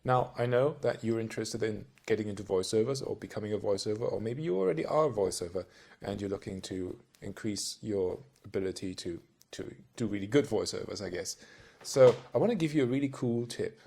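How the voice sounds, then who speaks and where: A man's voice: on the low side, fairly quick, creaky, a little mellow. A man talks to camera as a voice-over coach, chatty and a little rambling. He keeps turning to the listener with little questions. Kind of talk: casual talk-to-camera tutorial.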